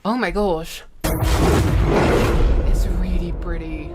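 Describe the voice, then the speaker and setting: A young woman streaming a live reaction, excitable and gushing, exclaiming and swearing as she reacts. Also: on the low side, drawn-out words, over loud music.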